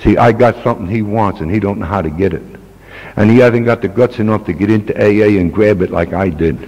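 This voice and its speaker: A man's voice: lowish voice, fast, a little mellow. Older man speaking earnestly in a hall. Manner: plain-spoken, earnest, folksy. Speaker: recovery meeting speaker. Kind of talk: personal talk to a meeting. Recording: dull old tape with long reverb.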